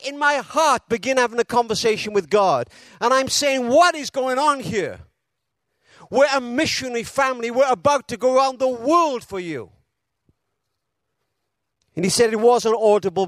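A man delivers a sermon in a notably high voice. He tells his story with dramatic pauses and fills the quotes with feeling. The sound is dry, with no room echo. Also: fairly bright tone. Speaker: preacher.

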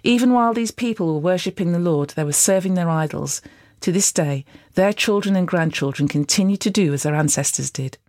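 A reader delivering scripture at a steady, even pace. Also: mid-range voice, a little fast, no echo, clean studio sound. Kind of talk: scripture reading.

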